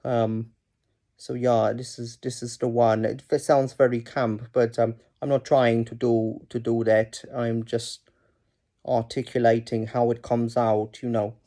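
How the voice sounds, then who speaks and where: A man's voice: medium pitch, little pitch movement, unhurried, dark tone, natural voice. Man doing a german accent, careful, articulated, slightly camp. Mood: measured. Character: German man long settled in the UK, precise.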